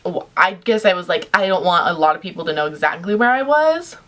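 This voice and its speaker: A young woman telling a story to camera in a chatty, animated way, full of "like" fillers. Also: lowish voice, a little fast. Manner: chatty, animated, heavy use of "like". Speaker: vlogger.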